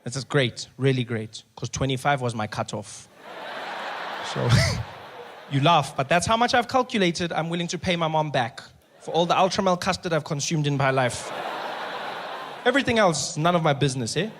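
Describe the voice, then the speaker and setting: A man's voice: moderate pace, noisy background. A man from South Africa performing a stand-up comedy set, telling stories and acting out the people in them. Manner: animated storytelling, acts out voices with big pitch jumps.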